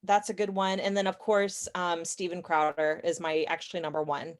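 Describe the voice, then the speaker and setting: A young adult woman chatting as a podcast guest, opinionated and talkative, with quick asides and self-corrections. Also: lowish voice, flat delivery. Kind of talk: casual interview chat.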